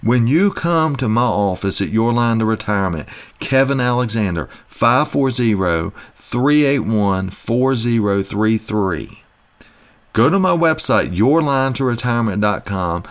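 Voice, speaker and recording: A man's voice: medium pitch, lively intonation, a little slow. A man hosting a retirement-money talk segment as a financial advisor, speaking in a folksy, emphatic, repetitive style. He is from the United States. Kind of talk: promotional radio-style talk.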